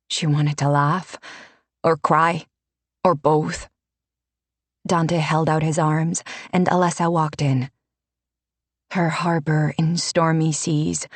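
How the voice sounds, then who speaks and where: Brief: woman audiobook narrator, measured, dry studio. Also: sits low, no echo. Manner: measured, unhurried.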